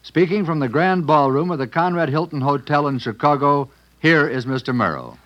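A man with a slightly raised voice gives a crisp, formal broadcast introduction. It sounds like an old 1960s radio recording, a little dull and muffled. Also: fairly high pitch, lively intonation, moderate pace, a bit bright, slight background noise. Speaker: radio announcer.

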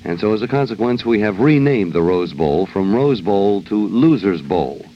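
A man's voice: lowish voice, lively intonation, moderate pace, faint music behind. A man hosting a radio show, delivering a wry, ad-libbed comic monologue on an old lo-fi broadcast. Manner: wry, joking, loose ad-libbing. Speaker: radio host. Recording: dull lo-fi old radio recording with faint hiss.

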